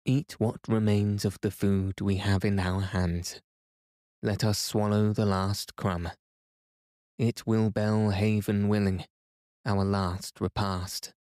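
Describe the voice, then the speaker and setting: A stern old professor who will not give up hope, read by a man in his own voice. He speaks in a firm, measured, lecturing way, low-pitched and dark in tone. The sound is dry and close. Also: flat delivery, no echo. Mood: resolute.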